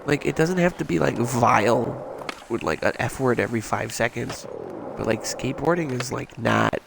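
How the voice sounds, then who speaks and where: A man streams over a headset, his voice deeply gravelly and congested from a cold. He rambles in a frustrated, foul-mouthed rant. Steady background noise sits under his voice. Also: moderate pace. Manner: rambling, frustrated, swears freely. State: stuffed up, just woke up. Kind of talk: casual gaming stream rant.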